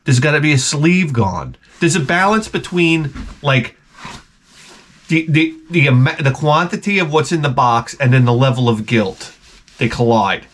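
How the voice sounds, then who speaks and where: A middle-aged man rants in a rambling, profane, animated way, full of restarts. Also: medium pitch, normal speed. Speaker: vlogger. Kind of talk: profane comic rant.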